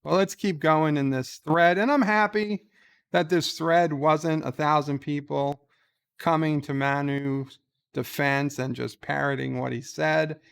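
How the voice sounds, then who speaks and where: A man giving slow, halting casual commentary, reading out posts and answering them with many ums and uhs. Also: on the high side, fairly even intonation, gravelly, fairly bright tone, smooth. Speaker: YouTuber reading and answering tweets.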